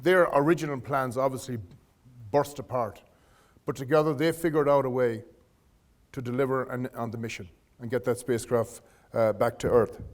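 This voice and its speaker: A middle-aged man giving a leadership lecture to students, telling career stories in a conversational way and often restarting his phrases. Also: medium pitch. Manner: anecdotal, restarts phrases, addresses audience directly. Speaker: guest lecturer. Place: lecture hall.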